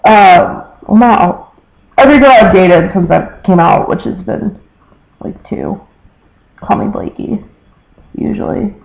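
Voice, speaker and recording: A man's voice: high voice, measured pace, vocal fry, pauses often, a little mellow, poor audio. A young man vlogging about his family in a casual, rambling way, packed with "like" fillers and quoted relatives. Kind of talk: casual personal storytelling.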